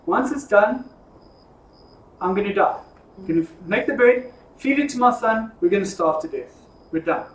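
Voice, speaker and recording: A man voicing a poor, desperate widow who talks in a hurried, despairing way. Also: sits high, lively intonation. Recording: echoey room from far off.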